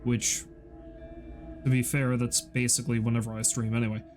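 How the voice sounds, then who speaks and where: A man's voice: medium pitch, flat delivery, normal speed, music in the background. Tired rambling man streaming a game. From Canada. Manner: rambling, wry and self-deprecating. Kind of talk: casual gaming stream chat.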